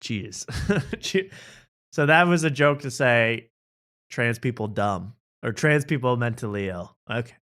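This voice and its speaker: A man's voice: medium pitch, animated, unhurried, a bit bright. Joking male late-night host. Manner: joking, laughs often. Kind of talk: casual chat reacting to clips.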